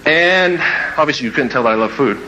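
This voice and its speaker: A man telling a comic personal story to a live audience, playful and lively, breaking into shouts and laughter. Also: mid-range voice, fairly quick, background noise. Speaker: motivational speaker.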